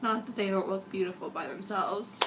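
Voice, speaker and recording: A young woman vlogger rambling through a casual fan review, gushing and giggly, a little sick and husky. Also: medium pitch, normal speed, a little hiss or hum.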